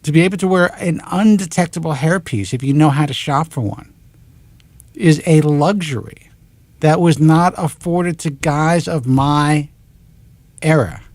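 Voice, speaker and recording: A man in his forties with a New York accent, hosting a talk show and ranting in an animated, exasperated monologue into a close studio mic. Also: on the high side, normal speed, few pauses, no room sound. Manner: animated, exasperated, swears in clipped letters.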